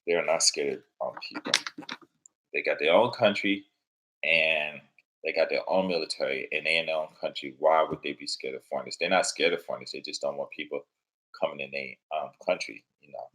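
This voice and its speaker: A middle-aged man, a father and teacher, telling rambling, animated stories in casual chat and laughing at his own anecdotes. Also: rumbling low, brisk, low-quality recording. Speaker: father, teacher living in Japan.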